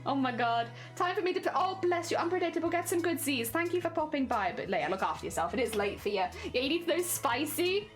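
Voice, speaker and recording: Lively high-voiced woman chatting. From Britain. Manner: chatty, giggly, animated, talks to chat while crafting. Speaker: streamer. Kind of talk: casual live-stream chat.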